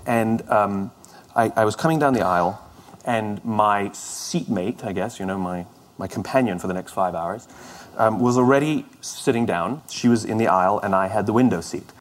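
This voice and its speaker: A middle-aged man tells a story in a chatty, self-deprecating style, frequently restarting his sentences. His voice is on the low side and he keeps a moderate pace.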